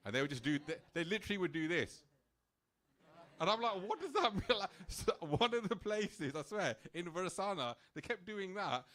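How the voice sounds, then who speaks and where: A man, speaking at a temple program and telling a personal story in an animated, casual way, full of "like" fillers and little laughs. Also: sits high, normal speed.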